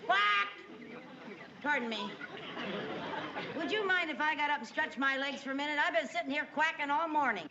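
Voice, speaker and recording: A woman's voice: high-pitched, lively intonation, normal speed, long pauses, crowd noise, noisy background. An actress playing an eager, bumbling woman in a 1960s sitcom, chirpy and comic, on dull old TV audio with studio laughter. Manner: chirpy, comic, quacks like a duck. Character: eager, bumbling woman who imitates duck calls. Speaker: sitcom lead.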